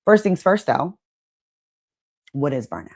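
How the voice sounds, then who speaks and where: A woman who is a wellness coach and channel host gives an emphatic, conversational motivational talk to camera. Her low voice swings widely in pitch at an unhurried pace, and she keeps checking in with "right?" while acting out quoted inner voices.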